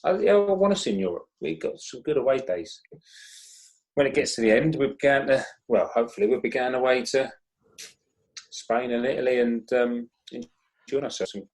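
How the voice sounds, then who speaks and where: A man's voice: medium pitch, lively intonation, normal speed, a little mellow, rough recording. A man giving casual, plain-spoken opinions on a football fan podcast. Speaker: podcast panelist. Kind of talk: casual chat.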